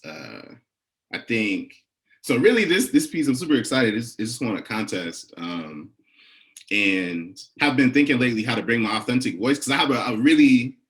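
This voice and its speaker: A young man with an African American English accent, talking softly with many pauses between poems, then performing spoken word poetry in a rhythmic, rising, incantatory delivery. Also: mid-range voice, very animated. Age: young adult. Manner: soft, halting talk between poems with many fillers.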